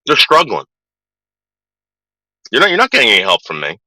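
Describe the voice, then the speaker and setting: A man's voice: mid-range voice, huge pitch swings, normal speed, bright, forceful tone, no echo, low-quality recording. A middle-aged man ranting casually to his viewers, swearing a lot and stumbling over repeated words. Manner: profane, stammering repeats. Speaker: vlogger. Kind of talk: casual rant.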